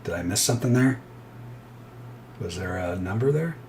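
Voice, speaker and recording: Casting: male pro trader, lowish voice, candid and digressive, thinking aloud over charts. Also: animated, moderate pace, a little mellow, a little hiss or hum. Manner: rambling, self-interrupting, candid. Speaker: futures trader. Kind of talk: live trading commentary.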